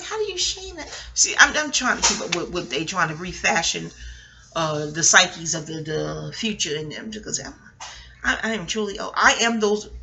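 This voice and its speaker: A sassy middle-aged woman from New talks in a loose, wandering monologue, cursing freely as she goes off on tangents. Her New colors a bright, forceful voice that leaps high and drops low. It sounds like a casual, unscripted vlog. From New York. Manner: profane, digressive, sassy. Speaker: TV recap vlogger.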